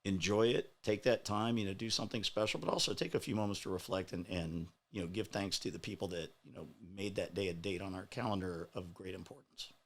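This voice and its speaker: A man on a casual talk show, speaking in a measured, reflective way with many fillers. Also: deep voice, fairly bright tone.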